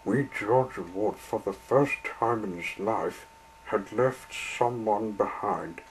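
A man reading a children's story aloud in a slow, deliberate way. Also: on the low side, slight background noise, poor audio.

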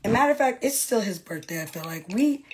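A woman's voice: on the high side, animated, brisk, heavy background noise. A woman, a reality TV personality, in a casual livestream rant to her fans, brash and profane with mocking asides.

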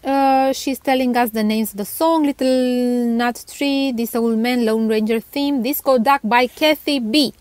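Giggly high-voiced woman with Romanian accent. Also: fairly even intonation, unhurried, hardly any pauses, darkish tone, no echo. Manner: chatty, giggly, stumbling over names. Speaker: toy channel host. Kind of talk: casual chat reading viewer comments.

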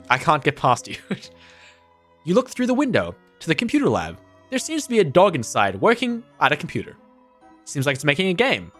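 A man's voice: on the high side, wildly swooping pitch, moderate pace, long pauses, fairly bright tone, faint music behind. A young man playing a video game, reading its text aloud and putting on voices for the characters in casual chat. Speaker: gameplay streamer. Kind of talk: let's play with read-aloud dialogue.

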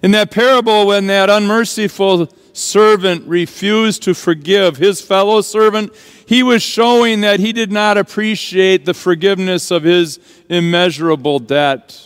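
Man, pastor, sermon, slow deliberate delivery, smooth resonant voice, long church reverb. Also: sits high, fairly even intonation. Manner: earnest, dramatic preaching with slow emphatic stresses. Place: church sanctuary.

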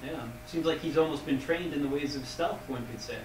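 A man's voice: a little high, brisk, darkish tone. A man playing a tabletop game with friends, wry and joking. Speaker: player. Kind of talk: casual tabletop play. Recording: noisy room, distant mic, echoey.

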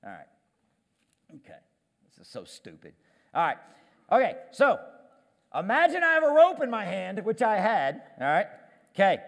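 A man preaching in a church hall, his voice unusually high and swinging widely in pitch. He is animated and self-deprecating, stumbling over repeated words when he gets going. A long reverb trails after his lines. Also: normal speed, pauses often. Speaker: pastor. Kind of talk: sermon. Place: church stage.

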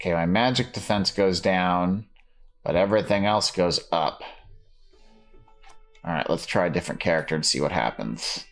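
Chatty low-voiced man streaming a game. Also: moderate pace, gravelly, pauses often, fairly bright tone, soft background music. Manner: chatty, laughs often, talks to chat while playing. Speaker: let's play streamer. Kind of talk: casual live gameplay commentary.

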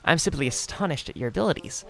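A man playing an eager game researcher who stammers and keeps repeating himself in wonder. His pitch bounces about, and soft music sits underneath. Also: animated, fast, creaky. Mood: astonished. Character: eager, stammering male researcher, easily astonished.

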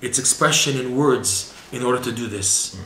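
A man's voice: mid-range voice, moderate pace, fairly bright tone. A man giving a religious lesson, earnest and rising to impassioned cries when he voices pleas to God. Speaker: Torah teacher. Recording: echoey room with faint background hiss.

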